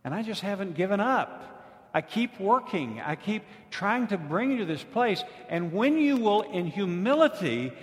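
A man's voice: sits high, sing-song, measured pace, voice pushed up. A man voicing God as a firm, caring father who makes emphatic promises. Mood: fervent. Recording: long hall reverb.

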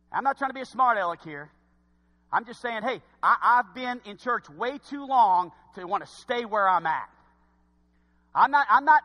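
A man preaching a sermon to his congregation, folksy and direct, swinging from hushed asides to shouts. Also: very high-pitched. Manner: folksy, talks straight to the congregation. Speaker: pastor. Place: church sanctuary. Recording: long hall reverb.

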